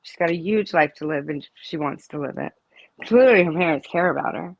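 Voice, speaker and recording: A woman's voice: deep voice, brisk, creaky, no echo, lo-fi sound. A middle-aged woman speaking as an interview guest, a mother who talks in a rambling, emphatic way that trails off and restarts. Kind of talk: casual live interview chat.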